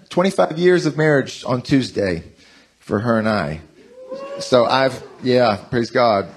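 A man in his forties preaching a conversational sermon, telling self-mocking stories in an animated way. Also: medium pitch, unhurried. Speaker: pastor.

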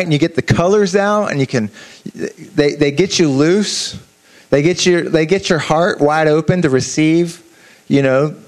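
A man giving an informal sermon, talking in an animated, conversational way with asides to the listeners and frequent restarts. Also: medium pitch. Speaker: preacher. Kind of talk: informal sermon to a youth audience.

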